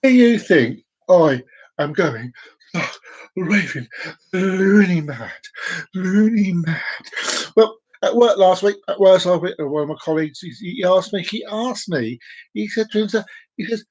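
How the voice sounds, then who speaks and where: A man's voice: high-pitched, lively intonation, unhurried, husky. A man rambling playfully to camera in a solo vlog, joking and talking to himself in a sing-song way. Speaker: vlogger.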